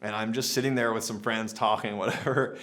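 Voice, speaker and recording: A man's voice: on the low side, fairly even intonation, brisk, fairly bright tone. Rambling young man telling a story. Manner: rambling, many "like" fillers and restarts. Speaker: vlogger. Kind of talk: casual storytelling.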